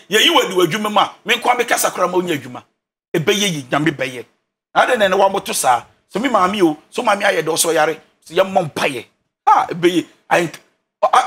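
A man's voice: high voice, pushed and bright. A man with a Ghanaian accent, a relationship counselor who gives advice in an emphatic, preacher-like way and repeats his key phrases. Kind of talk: animated counseling talk.

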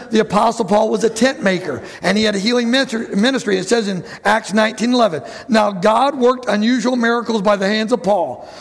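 A man preaching a lively sermon to his church, who acts out the voices of bible figures and calls out to the congregation. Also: high-pitched. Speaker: pastor.

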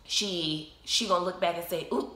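A woman vlogger telling a personal story in a casual, animated way and acting out what people said. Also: lowish voice, moderate pace. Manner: animated, emotional, acts out quoted dialogue. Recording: roomy echo.

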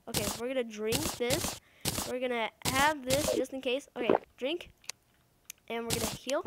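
A woman giving casual, excitable let's-play commentary, talking to the game's creatures and repeating words as she plays. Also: fairly high pitch, moderate pace, heavy background noise. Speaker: gamer.

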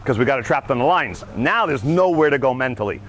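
Animated male dog trainer. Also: mid-range voice, quick pace, slight background noise. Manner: animated, acts out dogs' thoughts, keeps asking "right?". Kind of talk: teaching a class.

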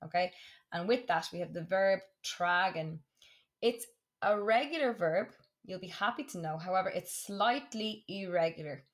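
A woman teaching a German lesson, saying words slowly and clearly and repeating them for practice. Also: fairly low pitch. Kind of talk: classroom lesson for students.

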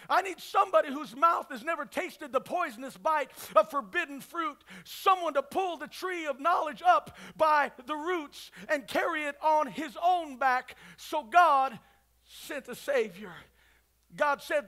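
A man preaching a sermon at a church service, swinging between fervent shouts and hushed, quiet passages. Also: extremely high pitch, a little slow. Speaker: pastor.

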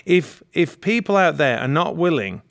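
A man talks as a show guest, rambling and exasperated. He keeps restarting his sentences. His voice sits a little higher than most men's. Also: lively intonation, normal speed, gravelly, a bit bright. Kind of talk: casual political talk.

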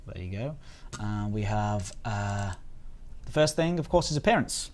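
A man's voice: fairly low pitch, animated, measured pace, a little mellow, a little hiss or hum. A man from the United Kingdom chatting casually on a live stream as he reviews biscuits and reads out the chat.

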